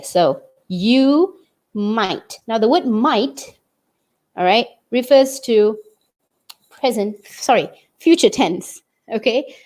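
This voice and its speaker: A woman's voice: on the high side, darkish tone. A woman from Malaysia teaching English writing online, explaining step by step and checking in with "okay?" as she goes.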